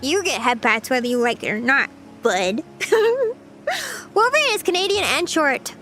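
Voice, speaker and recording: A woman's voice: sits high, sing-song, fairly quick, sharp tone, a little hiss or hum. A young woman streaming casual chat, playful and chatty, often giggling as she reads her chat. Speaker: VTuber streamer.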